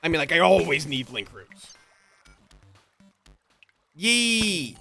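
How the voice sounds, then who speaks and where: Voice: medium pitch, sing-song, slow, vocal fry, sharp tone, soft background music. A streamer chatting casually through a live game session, rambling, swearing freely and at times drifting into a mock accent. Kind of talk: live gameplay commentary.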